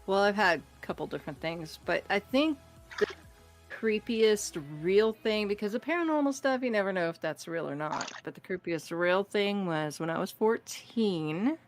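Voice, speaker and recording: A woman casually telling a true scary story on a podcast, animated and acting out the voices in it. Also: medium pitch, normal speed, faint music behind. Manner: animated, acts out voices in her stories, laughs often. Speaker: guest storyteller.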